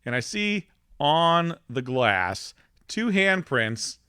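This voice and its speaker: A man co-hosting a casual podcast, telling road stories in an animated way and laughing through them. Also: fairly high pitch, takes it slowly, smooth, dry recording, studio quality. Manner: animated storyteller, laughs through his tales. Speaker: podcast co-host. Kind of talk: casual chat.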